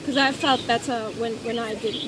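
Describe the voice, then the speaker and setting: A woman's voice: fairly high pitch, fairly even intonation, fairly quick. A woman in the audience asking hesitant follow-up questions in a casual way. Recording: noisy outdoor recording.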